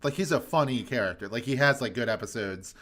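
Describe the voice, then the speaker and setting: A man co-hosting a podcast, chatting casually in a relaxed, rambling way and laughing often. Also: mid-range voice, quick pace. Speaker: podcast co-host. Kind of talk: casual chat.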